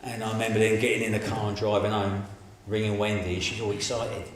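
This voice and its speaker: A middle-aged man telling his life story in an interview, colloquial and animated, acting out the people in his stories. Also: on the low side, quick pace. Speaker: interviewee giving a testimony. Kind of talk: candid storytelling. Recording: very echoey room, faint noise.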